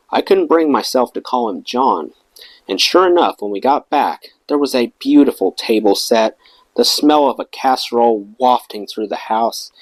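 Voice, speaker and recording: A man reads a memoir aloud with a lively, swinging delivery at a middling pitch. His voice sits close and dry, with no room around it. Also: vocal fry, no echo, rough recording. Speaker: audiobook reader.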